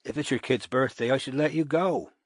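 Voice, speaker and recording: A man's voice: medium pitch, a little fast, no echo, studio quality, natural voice. A man reading an audiobook, voicing a weary male private detective who speaks curtly and bluntly. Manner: curt and blunt.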